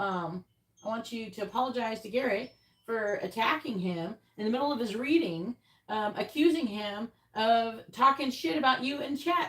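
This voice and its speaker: A woman's voice: fairly high pitch, fairly bright tone, recorded from a distance. Exasperated woman scolding her live chat. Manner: exasperated, scolding, blunt and profane. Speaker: tarot reader hosting a live stream. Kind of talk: live stream talking to chat. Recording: roomy echo, off mic.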